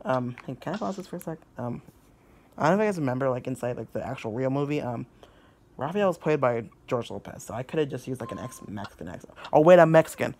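A young man giving casual let's-play commentary, excitable, laughing a lot and swearing. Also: medium pitch, fast, slight background noise. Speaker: gaming YouTuber.

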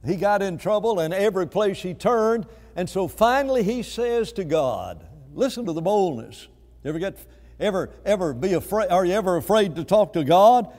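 A man preaching a sermon, swinging from hushed tones to loud outbursts and repeating words as he finds his place. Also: high voice. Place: church sanctuary. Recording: long reverb of a church hall.

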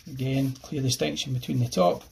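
A man with an Irish accent explaining a pencil drawing step by step as he works, relaxed and thinking aloud. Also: mid-range voice, brisk, creaky, slight background noise. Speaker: art teacher. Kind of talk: drawing tutorial narration.

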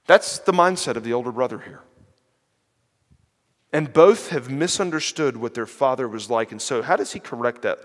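A man giving an animated sermon-style lecture, retelling a parable and voicing its characters, with fillers and restarts. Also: medium pitch, normal speed. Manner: animated, acts out the parable's characters in quoted voices. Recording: long hall reverb.

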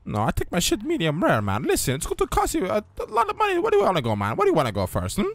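A pushy, crude cabbie in a game role-play, with a very high voice that leaps all over the place. He swears in every line, fires off words quickly and keeps prodding with a nasal-sounding "hmm?". The sound is close and dry, with no room around it. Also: huge pitch swings, no room sound, heavily acted. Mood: brash. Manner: crude, swears constantly, tags lines with "man" and "hmm?". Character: brash foul-mouthed male taxi driver, pushy flirt. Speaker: streamer playing a taxi driver.

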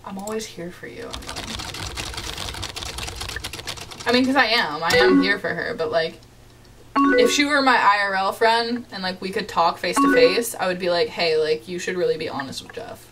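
A young adult woman, a gaming YouTuber, chats casually through a let's-play from her home bedroom, reading chat messages aloud in a giggly, playfully dramatic way. Her medium-pitched voice moves at normal speed, recorded from a distance and very noisy.

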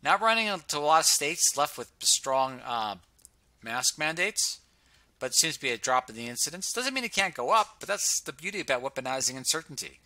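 A man's voice: on the high side, big pitch swings, brisk, pushed and bright, no echo. A man casually talking through charts on screen, sarcastic and humming filler sounds while he scrolls. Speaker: presenter reviewing health data on screen. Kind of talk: casual screen-share commentary.

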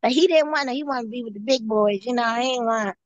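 A woman guest giving an earnest personal testimony, halting and often repeating or restarting her phrases. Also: a little high, no room sound, lo-fi sound. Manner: earnest storytelling.

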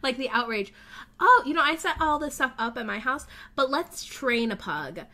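High-voiced, gushing woman gamer. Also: moderate pace. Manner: gushing, excitable, gasping often. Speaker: let's play host. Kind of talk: casual gameplay commentary.

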